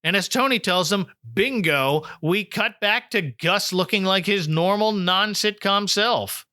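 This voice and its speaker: Bright, high-voiced male podcast host. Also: unhurried, dry recording, clean studio sound. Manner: chatty, laughs often, quotes the scenes. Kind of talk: casual episode recap.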